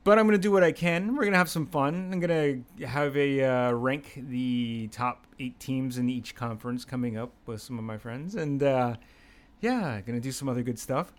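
Rambling, animated male podcast host. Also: mid-range voice, normal speed. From Pennsylvania. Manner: rambling, animated, swears freely, self-mocking. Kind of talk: casual storytelling monologue.

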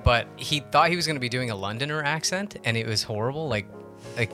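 A man's voice: medium pitch, animated, fast talker, music in the background. A man hosting a casual podcast chat about films, rambling through tangents and laughing often. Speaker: podcast host. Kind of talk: casual movie-discussion chat.

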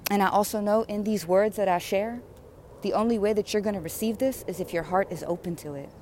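There's a little hiss or hum behind this woman's mid-range, slightly mellow voice as she preaches a bit quickly. Her spiritual sermon is impassioned and rhythmic, with repeated phrases growing more fervent.

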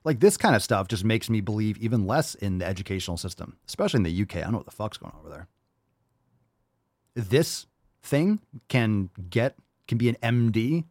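A man rants sarcastically as a podcast host, mocking and swearing, jumping from loud outbursts to low muttering. His pitch swings widely as he talks. The recording is dry and close to the mic. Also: sing-song, a little fast, no echo. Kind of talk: sarcastic commentary reacting to a read-out article.

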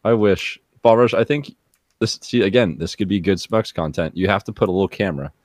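A young man hosting a casual podcast, teasing his friend, laughing loudly and swearing. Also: deep voice, a little fast, no echo, clean studio sound. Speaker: podcast host. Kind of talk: casual chat.

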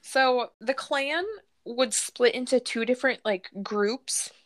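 A woman with a fairly high voice tells a gruesome old tale on a casual podcast. She laughs often and swears freely. She drifts into goofy asides between the facts. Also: fairly even intonation, slow, a little hiss or hum. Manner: laughing, profane, joking storyteller. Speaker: podcast co-host telling the story. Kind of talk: casual true-crime chat.

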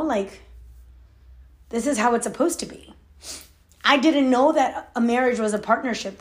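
Woman, 30s, vlogger; confiding personal talk, laughs between thoughts, voice a bit high. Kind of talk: candid personal talk to camera.

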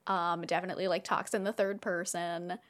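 A woman's voice: on the low side, flat delivery, brisk. A woman talking as a podcast guest in a casual brainstorming chat, rambling and full of filler words.

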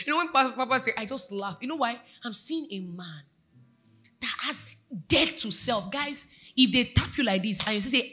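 A woman's voice: a little high, expressive, normal speed, sharp tone, soft background music. A Nigerian woman pastor preaching a sermon, exhorting her congregation and asking them questions. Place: church.

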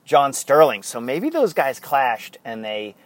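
A man's voice: mid-range voice, very animated, a little slow, no room sound. A man hosting a podcast in casual chat, rambling and going off on tangents. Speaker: podcast host.

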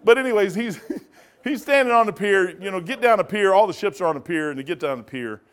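In a high-pitched, smooth voice and at a brisk pace, a man teaches Bible study in a rambling sermon style. He's animated, often laughs and digresses, and breaks into sudden loud bursts.

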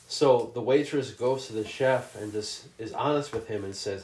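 Podcaster, man, mid pitch, swears a lot, animated storyteller, roomy echo. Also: fairly quick, few pauses, recorded from a distance. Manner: profane, animated storyteller who acts out scenes. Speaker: podcast co-host. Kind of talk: casual chat.

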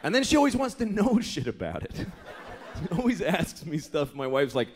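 A man's voice: on the high side, big pitch swings, moderate pace. A man in his thirties doing a stand-up routine, profane and exasperated, dropping into mock voices. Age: 30s. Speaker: stand-up comedian. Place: comedy club stage. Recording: live club recording with loud crowd and room noise. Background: audience laughter.

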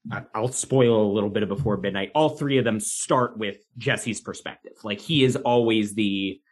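A podcast co-host chatting casually about a film, lively and quick to chime in. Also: mid-range voice, breathy edge. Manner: lively, quick to jump in and agree.

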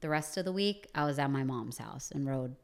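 A woman's voice: a bass voice, animated, fairly quick. A woman casually telling a personal story, chatty and full of fillers like "you know".

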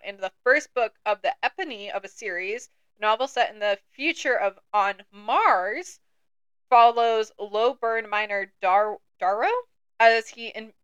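A woman's voice: a little high, fairly bright tone, clean tone, no echo. A young woman co-hosting a book podcast, chatty and joking, laughing often. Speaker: podcast co-host. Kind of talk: casual chat about books.

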